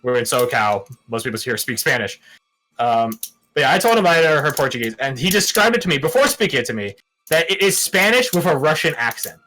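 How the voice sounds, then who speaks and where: A man in loose, chatty conversation with his role-play group. His voice is bright and forceful, and his pitch jumps around a lot as he gets animated. He swears casually and breaks into laughs. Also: a little fast, faint music behind, poor audio. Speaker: tabletop role-play player. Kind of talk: casual chat.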